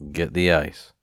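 A man's voice: sits low, fairly bright tone, no room sound, studio quality. A man telling a rambling, profane story in a casual rant, sighing now and then. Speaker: vlogger.

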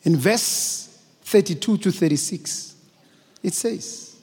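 A man's voice: on the high side, big pitch swings, unhurried, long pauses, warm tone, husky. A man preaching a sermon as bishop at a church service, emphatic and repetitive, calling out to the congregation. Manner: emphatic, repetitive, call-and-response. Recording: long church reverb.

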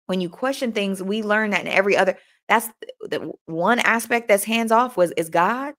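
A young woman hosting a motivational live chat, animated and talking straight to her listeners, often repeating herself. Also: mid-range voice, normal speed. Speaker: host.

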